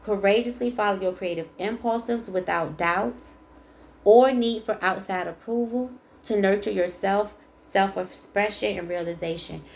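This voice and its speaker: With a mid-range voice touched by vocal fry, a woman moves at a measured pace through a casual spiritual tarot reading. She is chatty and emphatic, reading the card texts aloud and going back over the key lines.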